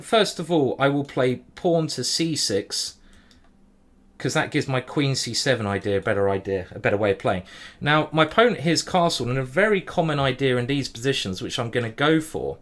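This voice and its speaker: A man streaming a simultaneous chess display, thinking aloud move by move in a hurried way and humming as he ponders. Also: mid-range voice, a bit bright. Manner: hurried, juggling many boards. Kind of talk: live-stream chess commentary.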